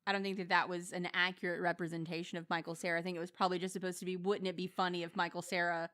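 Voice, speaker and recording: A young woman talks loosely about a film on a podcast, stopping and restarting her sentences as she thinks. Her voice is bright and clear, and it sounds dry and close to the mic. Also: on the low side, flat delivery, rapid-fire, no room sound. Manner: chatty, many fillers and restarts. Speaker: podcast co-host. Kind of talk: casual movie review chat.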